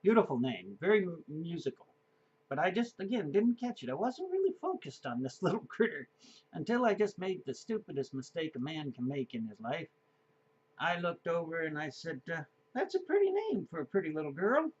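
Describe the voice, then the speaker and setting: A man's voice: a little high, big pitch swings, moderate pace, slightly rough, highs cut off. A man in his fifties telling a personal story in a casual, rambling way, with many fillers and chuckles. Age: 50s. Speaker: vlogger.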